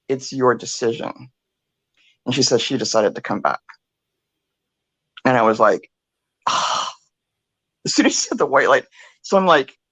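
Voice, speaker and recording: An older woman co-hosting a talk show, telling a story in a chatty, animated way, acting out what others said and swearing freely. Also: a bass voice, no echo. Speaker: podcast co-host. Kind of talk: casual storytelling.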